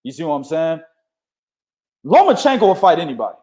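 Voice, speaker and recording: A man's voice: fairly high pitch, very animated, fairly quick, mellow. A young man hosting a casual boxing talk show, swearing freely and laughing often as he argues his points. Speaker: boxing podcast host.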